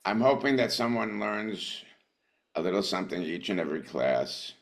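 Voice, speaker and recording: Deep, gravelly man leading a class. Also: animated, normal speed. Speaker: teacher.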